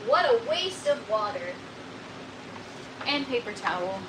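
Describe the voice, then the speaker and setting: A woman's voice: a little high, sing-song, slow, background noise. A Canadian woman chatting casually with viewers on a gardening livestream, self-mocking and laughing often, sounding tired. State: tired from lack of sleep. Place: indoor grow tent.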